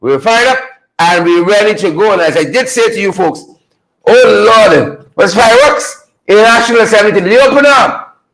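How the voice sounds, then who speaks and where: High-voiced man hyping a live stream. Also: lively intonation, moderate pace, low-quality recording. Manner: repetitive, hypes viewers with shout-outs. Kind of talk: energetic live-stream political talk.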